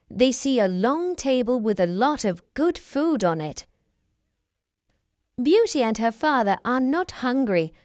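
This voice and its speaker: Female narrator for a graded reader; clear, deliberate, slightly high. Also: dry recording. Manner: clear, deliberate reading for learners.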